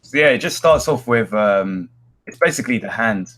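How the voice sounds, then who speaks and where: A man's voice: fairly low pitch, expressive, normal speed, a bit bright. A man, co-hosting a casual comics chat and talking hesitantly, with many ums and restarts. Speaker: podcast co-host.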